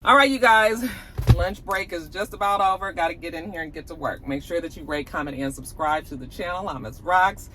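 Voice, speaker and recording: Lady chatting thru a tv recap, bright tense voice, acts out every line, faint hum behind. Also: fairly low pitch, a little fast. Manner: animated storytelling, acts out characters' lines. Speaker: TV review vlogger. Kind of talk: casual recap chat. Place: at work on lunch break.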